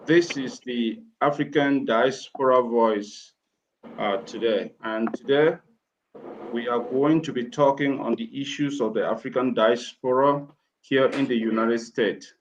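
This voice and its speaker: A man hosting a live panel discussion, introducing guests in a relaxed, informal way. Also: mid-range voice. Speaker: host. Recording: dull lo-fi sound with faint noise.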